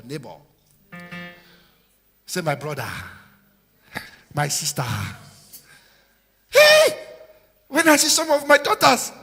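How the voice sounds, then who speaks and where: High-pitched preacher in a reverberant hall. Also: male voice, bright, forceful tone. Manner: exhorting, call-and-response with congregation. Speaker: pastor. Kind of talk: sermon. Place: large church hall. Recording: live church hall with long reverb.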